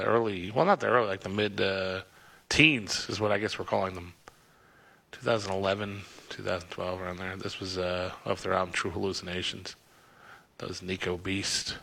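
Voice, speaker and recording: Gravelly rambling male radio DJ. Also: fairly low pitch, bright, forceful tone. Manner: rambling, self-amused, lots of uh fillers. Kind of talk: casual on-air song back-announcing.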